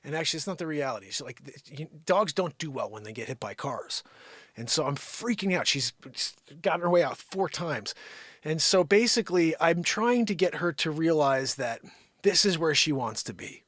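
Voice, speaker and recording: A man hosting his own daily live stream from home, rambling and joking, jumping from loud bits to whispered asides. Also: fairly high pitch, expressive, normal speed, no room sound, clean studio sound. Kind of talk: unscripted comedic live-stream chat.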